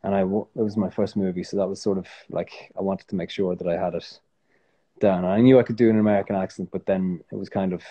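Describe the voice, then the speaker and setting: Irish guy chatting, dark husky voice, rambles n restarts a lot. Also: sits low, quick pace, highs cut off. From Ireland. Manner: rambling, self-correcting, relaxed. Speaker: guest actor. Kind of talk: casual chat.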